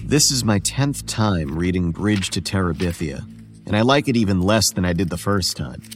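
A weary, ageless boy tells his story, as a man narrates it. The low voice stays quiet, measured and tired, like horror storytelling on a podcast. Soft music sits faintly behind it. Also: lively intonation. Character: weary, homeless boy who looks about eleven.

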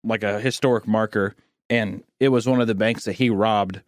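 A man's voice: fairly low pitch, steady tone, moderate pace, dry recording, clean studio sound. A man co-hosting a casual podcast chat, ranting with plenty of swearing and acting out the people he quotes. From Missouri, United States. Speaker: podcast co-host.

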